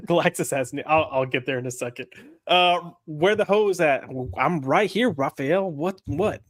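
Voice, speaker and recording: A man hosting a relaxed chat show, his voice sitting a bit high. He jokes as he reads out viewer names. The sound is close and dry, with no room echo. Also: normal speed. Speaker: podcast host. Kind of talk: casual chat.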